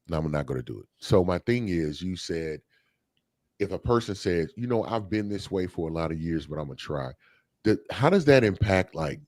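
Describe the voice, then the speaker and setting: Low-voiced man talking things through. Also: a little mellow, dry recording, studio quality. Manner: thoughtful, conversational, with many fillers and restarts. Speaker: podcast co-host. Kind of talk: casual discussion.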